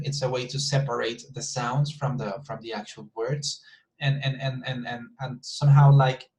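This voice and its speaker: A man's voice: medium pitch, darkish tone, a little hiss or hum, low-quality recording. A man teaching an online English class over a video call, talking casually and often repeating words as he hesitates.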